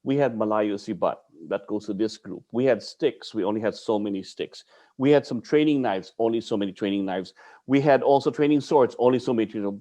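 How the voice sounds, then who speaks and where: A man from the Philippines, speaking as a martial arts guest, tells an animated story in a lowish, slightly mellow voice that is expressive, a little fast, and swings widely up and down. He's blunt and swears freely, mixing in Tagalog curses as he goes.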